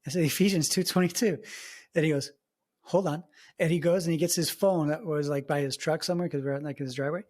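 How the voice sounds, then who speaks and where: Brief: male podcast co-host, lively anecdote teller who voices the people he quotes. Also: fairly high pitch, fast. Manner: animated storyteller, acts out quoted voices. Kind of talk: casual chat.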